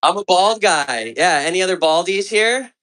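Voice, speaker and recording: A man's voice: high voice, animated, moderate pace, fairly bright tone. A man on a comedy club stage performing a stand-up set, telling stories in a profane, exasperated way.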